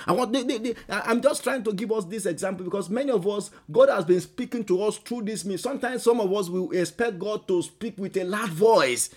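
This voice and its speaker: A man with a high voice leads a sermon, calling out short prayer lines again and again at full force. Between the prayers he drops into a quieter, halting storytelling voice. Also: husky. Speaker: pastor. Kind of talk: sermon with loud prayer and tongues.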